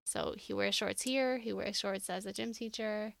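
A woman's voice: medium pitch, normal speed, vocal fry, no echo, clean studio sound. A woman co-hosting a podcast, casually recapping an episode and retelling scenes with quoted lines. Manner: animated retelling, quoting lines with laughs. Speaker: podcast co-host.

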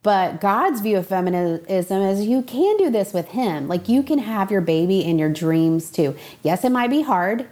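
A woman's voice: mid-range voice, animated, moderate pace, few pauses, darkish tone. A young woman, a guest on an interview podcast, telling a story earnestly and acting out the voices of the people in it. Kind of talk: casual conversational interview.

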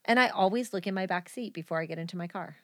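A woman co-hosting a podcast in casual chat, animated and laughing often. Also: lowish voice, quick pace, no echo, clean studio sound. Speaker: podcast co-host.

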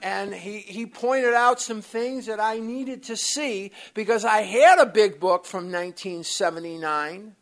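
An animated speaker from the United States addresses a recovery workshop crowd in a meeting room. The delivery is blunt and lively, peppered with mild swearing and offhand asides. The voice sits in an ordinary middle pitch. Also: measured pace, few pauses. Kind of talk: personal storytelling talk to a live group.

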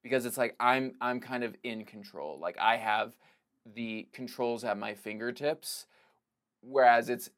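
A man's voice: medium pitch, a little slow, a bit bright. Rambling man, casual podcast guest. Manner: rambling, full of "like" and restarts. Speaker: podcast guest, filmmaker and comedic actor. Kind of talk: casual conversation.

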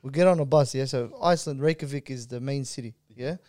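Young Australian man, quick animated storyteller, dark tone, dry close sound. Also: mid-range voice. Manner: animated storyteller, slangy, says "bro" a lot. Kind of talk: casual storytelling chat.

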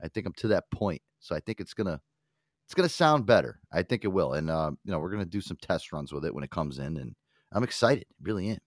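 A man's voice: deep voice, very animated, fast talker, no echo, studio quality. A man hosting a podcast, rambling casually with swearing and frequent laughs. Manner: rambling, profane, laughs easily. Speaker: podcast host. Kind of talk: casual chat.

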